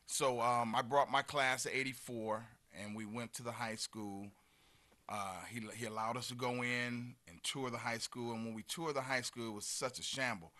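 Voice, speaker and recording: A man's voice: mid-range voice, moderate pace, pushed and bright. A man in his fifties chatting as a guest, telling earnest community stories with many fillers. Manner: earnest, storytelling, trails off into fillers. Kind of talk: casual chat.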